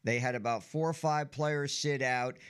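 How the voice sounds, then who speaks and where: A man hosting a sports talk show in casual chat, lively and emphatic. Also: mid-range voice, normal speed, clean tone.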